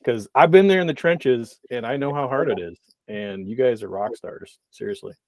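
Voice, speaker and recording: A man's voice: mid-range voice, moderate pace, no echo. A man hosting a church media meetup, speaking in an encouraging way to the group. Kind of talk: casual group chat.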